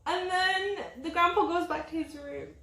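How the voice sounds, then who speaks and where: A young woman with a cold, co-hosting a casual drama review and excitedly retelling scenes. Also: extremely high pitch, normal speed, echoey room. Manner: excited retelling of scenes, emotional, laughs often. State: has a cold. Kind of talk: casual chat.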